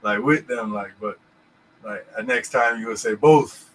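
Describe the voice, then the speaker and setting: A man's voice: lowish voice, fairly even intonation, measured pace, sharp tone, slight background noise, poor audio. A man co-hosting a casual podcast about scripture, rambling and checking in with "you know what I'm saying". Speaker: podcast host.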